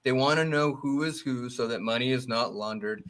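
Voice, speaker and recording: A man co-hosting a podcast, chatting casually in a joking, sarcastic, animated way. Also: medium pitch, moderate pace. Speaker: podcast co-host.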